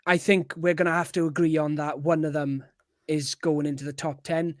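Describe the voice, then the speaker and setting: Brief: eager male co-host, voice on the higher side, dry sound. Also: little pitch movement, moderate pace, no room sound. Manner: enthusiastic, upbeat. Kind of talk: casual podcast chat.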